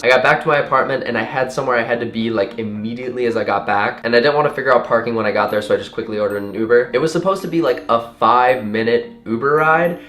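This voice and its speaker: A man in his twenties telling an animated story to his vlog viewers and laughing along the way. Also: medium pitch, fast, hardly any pauses, echoey room. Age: 20s. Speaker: vlogger. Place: room at home.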